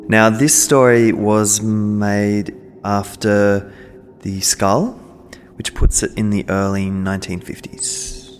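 Chatty male podcast host. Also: on the low side. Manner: animated, chatty, quick to react. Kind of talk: casual podcast chat. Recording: long hall reverb, faint noise.

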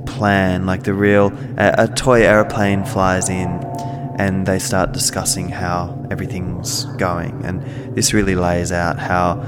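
A man's voice: low-pitched, completely flat delivery, unhurried, over loud music. A man co-hosting a casual discussion, thoughtful and often restarting as he searches for words. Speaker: podcast co-host.

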